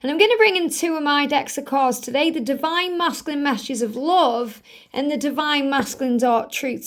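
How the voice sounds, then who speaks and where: A woman with a high, light voice gives a spiritual tarot card reading. She speaks earnestly and gently emphasises her points. She often circles back to repeat a phrase. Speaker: tarot reader.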